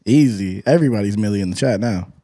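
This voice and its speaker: A man's voice: lowish voice, dark tone. A man co-hosting a casual podcast, teasing his friends and laughing often. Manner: laughing, teasing, quick comebacks. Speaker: podcast co-host. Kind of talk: casual group banter.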